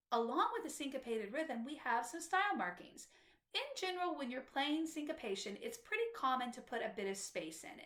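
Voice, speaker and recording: Patient woman music teacher, bright lively delivery, roomy sound. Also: high-pitched. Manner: patient, explanatory teacher talking to students. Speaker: flute instructor. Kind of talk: instructional music tutorial.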